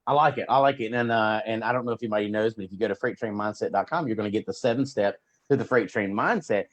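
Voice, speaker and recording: A man hosting a motivational show, talking in a rapid, upbeat, promotional way. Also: fairly low pitch. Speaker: host. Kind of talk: motivational talk.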